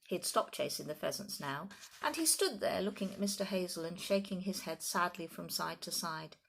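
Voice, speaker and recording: A woman reads a children's story aloud with a very animated, lively voice. Her narration is expressive and full of movement in pitch. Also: moderate pace, vocal fry, slightly rough. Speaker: audiobook narrator.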